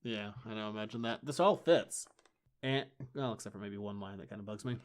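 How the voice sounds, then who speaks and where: A man co-hosting a casual chat podcast, recapping comics with wry, enthusiastic asides. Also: lowish voice. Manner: enthusiastic, wry, acts out lines in quick bursts. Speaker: podcast co-host.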